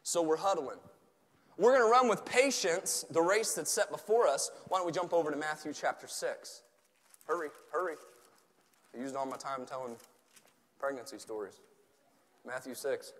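Southern guy preaching in church, kinda high bright voice, joking around then nearly yelling, long echo in the hall. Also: moderate pace, long pauses. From Tennessee. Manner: animated, joking, swells to near shouts. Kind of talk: sermon.

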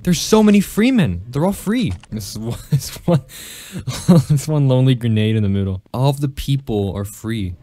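A man with a fairly low-pitched voice offers casual, joking commentary over gameplay. He laughs often, mixing sarcastic mock praise with excited outbursts.

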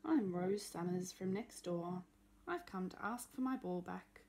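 Woman reader as earnest, polite little girl, mellow storybook voice. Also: fairly low pitch, expressive, measured pace.

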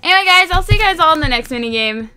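A woman hosting a game video, giving chatty, excitable play-by-play that bursts into squeals and laughter. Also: very high-pitched, rapid-fire, dry recording. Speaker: gaming video host. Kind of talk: excited let's-play commentary.

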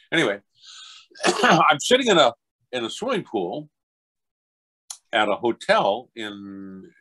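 An older man, a voice actor, telling anecdotes in an interview and acting out other people's voices. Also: rough recording. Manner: animated, acts out other people's voices in high pitch. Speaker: voice actor guest.

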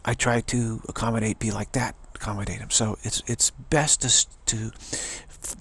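A man's voice: on the low side, fairly even intonation, moderate pace, fairly bright tone, breathy edge. A man giving an earnest, rambling spiritual monologue to camera, often restarting his sentences. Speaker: spiritual video blogger.

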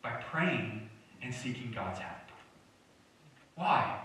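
A man's voice: mid-range voice, lively intonation, takes it slowly, sharp tone, a little hiss or hum. A young man preaching a sermon in a joking, conversational way, drawing replies from the congregation. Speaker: pastor. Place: church sanctuary. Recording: echoey church hall from far off.

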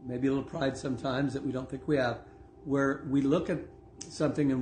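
A man giving a casual online Bible teaching, talking conversationally with many asides and laughs, and slowing down to read scripture aloud. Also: mid-range voice, little pitch movement, a little mellow, reverberant, a little hiss or hum. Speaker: preacher.

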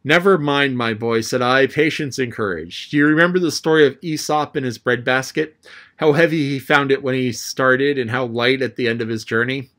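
A man reading a classic adventure novel aloud as an audiobook narrator, telling the story in a lively way. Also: moderate pace. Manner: lively storytelling, raising his pitch for the boy's lines.

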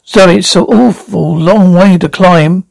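A man reading as a brisk, clever young woman. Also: sits high, gravelly, a little mellow, full character voice, rough recording. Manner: brisk and matter-of-fact.

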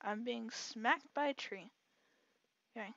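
A woman giving casual, excitable let's-play commentary, chatting to herself and her audience as she plays. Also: fairly high pitch, slow pace, creaky, no room sound, muffled recording. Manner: excitable, chatty, talks to herself while playing. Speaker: gaming channel host.

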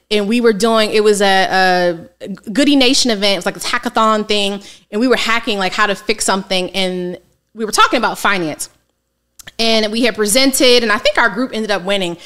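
A woman financial coach telling her story in a candid, casual interview, animated and colloquial. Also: mid-range voice, a little fast, clean tone. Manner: lively, colloquial, animated retelling with quoted asides.

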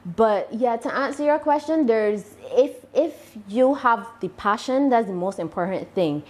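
A woman from Barbados with a Barbadian accent, answering interview questions about her channel in a deliberate, measured way. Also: a little high, expressive, darkish tone. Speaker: YouTuber guest.

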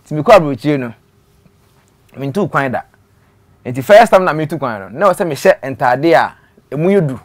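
A man with a Ghanaian accent telling his story in an interview, dropping to quiet trailing phrases and slipping in English words. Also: on the high side, animated, a little fast, pauses often. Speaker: interview guest.

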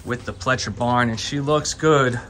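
A man's voice: medium pitch, normal speed, faint music behind. Chatty man touring a horse barn. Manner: excited, chatty, stumbles over words. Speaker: vlog host at a racetrack barn. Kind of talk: casual walk-and-talk vlog. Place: outdoors at a horse barn shed row.

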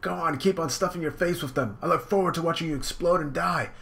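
A man's voice: fast, vocal fry, fairly bright tone. Man doing a sneering villain commander. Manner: mocking, raised pitch. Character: arrogant male enemy commander, sneering. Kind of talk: reading comic dialogue aloud.

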